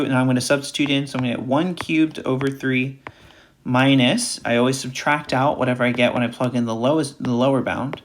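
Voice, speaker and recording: A man's voice: mid-range voice, slight background noise. A man teaching a recorded math lecture, talking through each step aloud and repeating key points. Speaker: math instructor.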